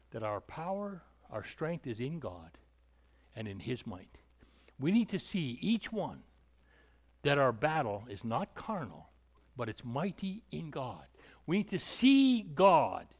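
A male preacher giving an emphatic sermon, repeating points and asking rhetorical questions. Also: mid-range voice.

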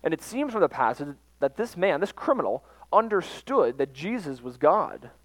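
A man teaching from the Bible in an informal sermon, pausing often with fillers and restarting his sentences. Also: fairly high pitch, big pitch swings, no room sound, low-quality recording. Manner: halting, frequent fillers and restarts. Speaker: preacher.

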